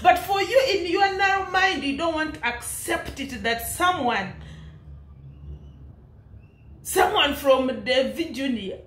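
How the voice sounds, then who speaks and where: A woman's voice: high voice, lively intonation, unhurried, hardly any pauses, fairly bright tone, roomy sound. A woman with an East African English accent ranting in commentary, indignant and laughing, firing rhetorical questions. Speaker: commentary vlogger.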